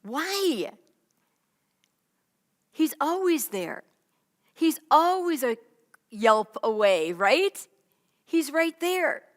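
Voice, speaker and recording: A woman's voice: high voice, big pitch swings, very slow, pauses often, long reverb tail. Chatty woman teaching the Bible. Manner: chatty, keeps asking "right?" and "okay?".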